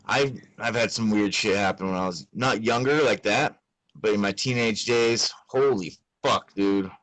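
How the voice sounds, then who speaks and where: A man's voice: on the low side, measured pace, fairly bright tone, no room sound, poor audio. A young adult man hosting a podcast in casual chat, laid-back, swearing a lot and laughing often. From Utah. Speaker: podcast host.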